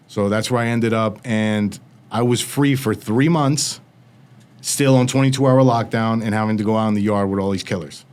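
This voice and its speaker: A man's voice: fairly low pitch, a little mellow. A man as an interview guest, telling a blunt, streetwise story full of quoted dialogue.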